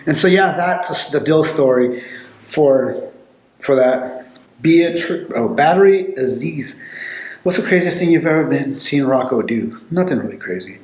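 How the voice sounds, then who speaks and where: A man telling loose, animated stories in a casual chat, with lots of fillers. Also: on the high side, measured pace. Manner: rambling, animated storytelling with many fillers. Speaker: podcast guest telling stories. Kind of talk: casual storytelling. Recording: echoey room.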